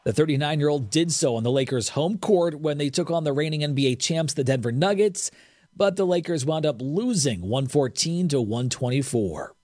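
A man anchoring an hourly radio newscast, reading the headlines in a crisp, even newsreader delivery. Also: on the high side, normal speed, no echo, clean studio sound. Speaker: news anchor. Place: radio studio.

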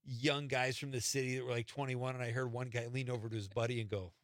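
A man's voice: mid-range voice, level tone, fast talker, fairly bright tone, no echo, clean studio sound. A middle-aged man from the Chicago area, a comedian and host, telling stories in casual chat, laughing at himself and restarting often. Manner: chatty, self-deprecating storyteller with laughs and restarts.

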